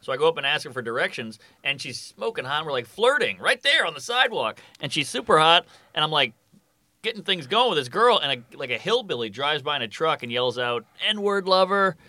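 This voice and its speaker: Comic guy telling jokes, lots of ups and downs in his voice, a bit high. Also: brisk, dry recording. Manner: animated, laughs at his own punchlines. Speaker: stand-up comedian. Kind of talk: casual podcast chat.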